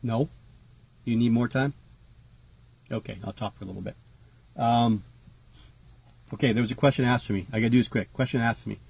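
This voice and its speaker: A man talking casually to camera about his tarantulas, relaxed and chatty with lots of fillers. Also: medium pitch, a little fast, vocal fry, pauses often, breathy edge. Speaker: tarantula keeper vlogger. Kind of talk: casual rambling vlog.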